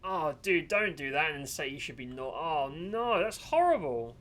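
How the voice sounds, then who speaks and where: A male game streamer with a high, bright voice, chatting casually over his gameplay. His pitch swings all over the place as he jokes and grumbles in exasperation. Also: moderate pace. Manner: animated, exasperated and joking. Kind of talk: casual gaming commentary.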